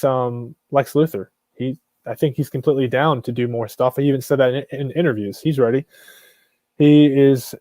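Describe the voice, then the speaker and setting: A man's voice: mid-range voice, darkish tone, no room sound. Male live stream host, blunt and rambling, mid-range voice, dry close sound. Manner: blunt, rambling, frequent restarts and mild swearing. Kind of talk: casual live stream commentary.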